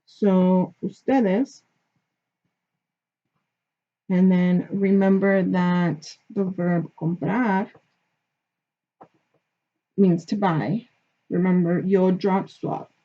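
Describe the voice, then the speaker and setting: Patient woman teacher, slow and husky. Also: on the low side, flat delivery. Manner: patient, explaining step by step, checks in with "okay?". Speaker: Spanish teacher. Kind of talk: classroom grammar lesson. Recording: dull lo-fi recording.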